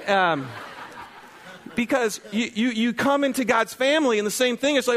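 Here the middle-aged pastor's voice is extremely high and fairly bright, running a little fast. He delivers his sermon like a conversation, teasing himself and putting questions to the congregation.

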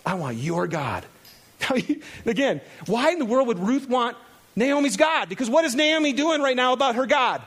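A man preaching a lively sermon, laughing often and acting out the people in the story. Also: very high-pitched, normal speed. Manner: animated, laughing, acts out quoted characters. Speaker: pastor.

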